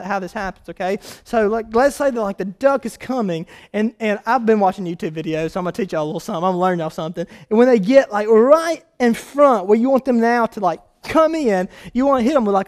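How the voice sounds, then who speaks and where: Man, pastor, sermon, very high voice, lively storytelling. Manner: animated storyteller, swelling to loud emphatic preaching.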